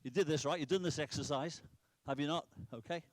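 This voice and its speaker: Man, soccer coach, from Britain, middle-aged, directive drill calls, fairly high pitch, dry. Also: brisk, no room sound. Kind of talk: on-field coaching demonstration.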